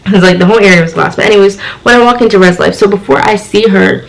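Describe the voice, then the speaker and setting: A woman's voice: medium pitch, fast talker, vocal fry, rough recording. A young woman telling a story on her vlog, chatty and exasperated, full of "like" and "you know.". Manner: chatty, filler-heavy retelling with lots of "like". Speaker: vlogger.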